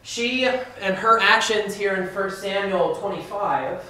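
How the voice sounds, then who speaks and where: High-voiced man preaching in an echoey room. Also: slow pace, sharp tone. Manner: emphatic, conversational, asks the class questions. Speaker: minister teaching a Bible class. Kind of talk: interactive Bible class sermon. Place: church classroom. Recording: echoey room from far off, faint noise.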